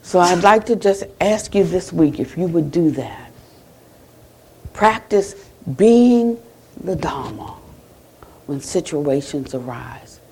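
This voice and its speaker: An American woman Buddhist teacher giving a conversational dharma talk at a retreat center, retelling conversations and closing with a soft blessing. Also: lowish voice, animated, slow, pauses often, a little hiss or hum.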